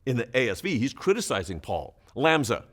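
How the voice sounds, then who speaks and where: A man's voice: mid-range voice, wildly swooping pitch, a little fast, fairly bright tone. A man pastor giving Bible teaching for small groups, explaining emphatically with occasional chuckles.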